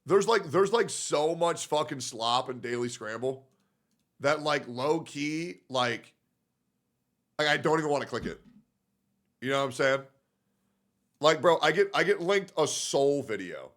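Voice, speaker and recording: A man's voice: a little high, lively intonation, measured pace, pauses often, fairly bright tone. A young man streaming in casual commentary, reacting to posts in a profane, filler-heavy, muttering way.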